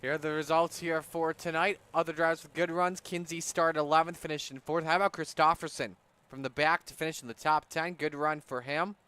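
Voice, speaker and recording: A man calling a race as play-by-play announcer, rattling off results with energetic commentary. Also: on the high side, brisk, clear, resonant tone.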